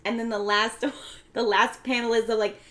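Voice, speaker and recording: A woman's voice: fairly high pitch, flat delivery, normal speed, fairly bright tone. A woman in casual podcast chat, bluntly narrating a film's plot with a laid-back, giggly manner. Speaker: podcast co-host. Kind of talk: casual chat recapping a film.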